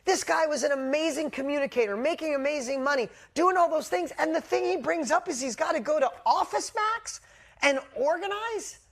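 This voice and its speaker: A woman business coach telling a motivational story to a live group, energetic and blunt, swearing casually. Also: high voice, fairly quick, creaky.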